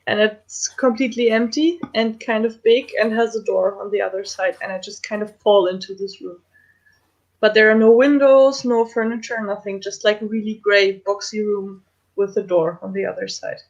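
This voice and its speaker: A woman's voice: medium pitch, steady tone, moderate pace. A woman playing a tabletop roleplaying game, describing the room her character is in while searching for words. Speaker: player. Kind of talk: describing a scene in tabletop play. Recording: dull lo-fi audio.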